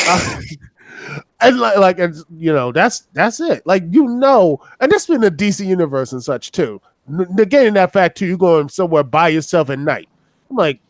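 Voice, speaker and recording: A young man in a loose group chat, his voice fairly high and swinging widely as he rambles through fillers and acted-out quotes. The sound is dry and close, with no room around it. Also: expressive, normal speed, no room sound. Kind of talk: casual group chat on a voice call.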